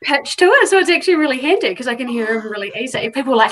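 A woman's voice: high-pitched, sing-song, racing, a bit bright. A woman guest, a self-love coach, talking in a chatty casual way full of "like" and "um". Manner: chatty, full of fillers like "like" and "um", laughs easily. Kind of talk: casual chat.

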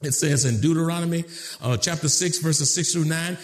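Man, preacher, sermon, fairly high voice, low measured passages, shouted emphatic questions. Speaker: pastor.

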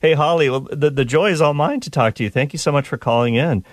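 A man's voice: fairly high pitch, fast, dry recording. A man from Canada hosting a live radio call-in show, upbeat and joking with his callers.

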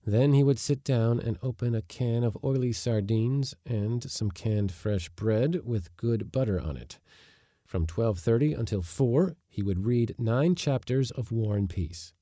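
A man reading a short story aloud, acting out the dialogue with big jumps in pitch and force. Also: a little slow, warm tone, dry recording, clean studio sound. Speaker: narrator.

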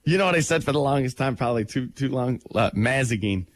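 A man's voice: medium pitch, quick pace, no room sound. A man co-hosting a morning radio show, laughing often and stubbornly doubling down on his own jokes. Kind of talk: joking morning-radio banter. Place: radio studio. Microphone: studio mic.

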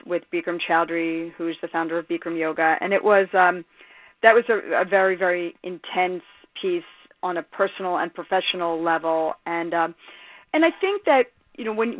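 Woman guest on a phone line, animated and emphatic storyteller, dry tinny sound. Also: on the low side, dry recording. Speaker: sports journalist guest. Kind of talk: phone-in radio interview.

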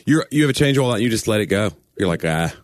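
A man with a mild East Tennessee Southern accent banters on a podcast with a lively, swooping delivery. He jokes and slips into quoted voices. The sound is close and dry. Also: lowish voice, very fast, no room sound. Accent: East Tennessee Southern, toned down. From Knoxville, Tennessee. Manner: animated, joking, acts out quoted voices. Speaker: podcast co-host.

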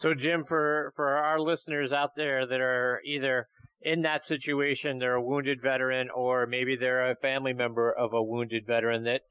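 Male host, even and measured, smooth voice over a tinny line. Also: mid-range voice, dry recording. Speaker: podcast host. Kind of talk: interview question.

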